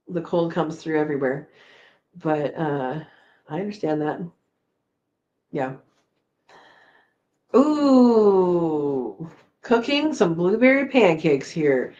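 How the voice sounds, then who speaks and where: A woman hosting a homesteading live chat, reading viewer comments aloud in a relaxed, chatty way, laughing often and trailing off with fillers. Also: low voice, drawn-out words, long pauses, dull audio.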